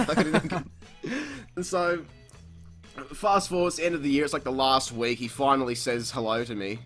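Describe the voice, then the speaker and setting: A young man hosts a podcast and tells a long story in a casual, animated way. He swears a lot and breaks into laughter. His voice is bright and forceful, and a little music plays behind him. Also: mid-range voice, fairly quick. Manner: profane, animated, laughs often. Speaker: podcast host.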